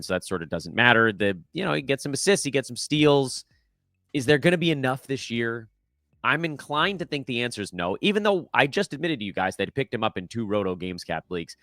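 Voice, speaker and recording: A man's voice: lowish voice, fairly bright tone, no echo, clean studio sound. A middle-aged man hosting a casual sports podcast, talking in a wry, self-deprecating, chatty way with frequent fillers. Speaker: podcast host. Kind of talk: casual fantasy basketball podcast.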